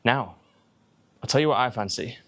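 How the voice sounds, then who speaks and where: A man's voice: medium pitch, animated, normal speed, no room sound. A young man with an English accent, giving a chatty vlog-style English lesson and explaining words with examples. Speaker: English teacher.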